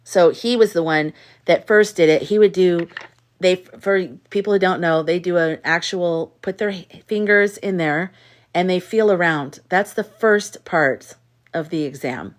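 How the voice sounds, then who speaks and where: Woman host, lowish voice, casual livestream chat, candid and outspoken storyteller. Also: a little slow. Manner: candid storyteller who reads chat comments aloud; outspoken and exasperated in anecdotes. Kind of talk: casual live chat with viewers.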